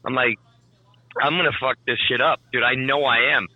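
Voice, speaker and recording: A man co-hosting a casual podcast chat, telling stories in a profane, animated way. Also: medium pitch, normal speed, no echo, dull audio. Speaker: podcast co-host.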